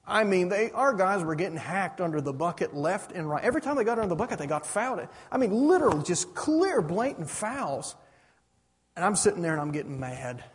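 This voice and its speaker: A middle-aged man preaching with a high, husky voice that swings widely in pitch. He drives his argument with rhetorical questions, and his words ring out in a hall with a long echo. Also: very animated, fairly quick. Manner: repeats "you understand that?" with rhetorical questions. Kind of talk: sermon. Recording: reverberant hall.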